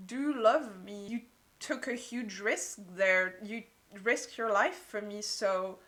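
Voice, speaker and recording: A woman voicing a hurt young woman who haltingly and grudgingly forgives a friend, in a book review. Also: medium pitch, a bit bright.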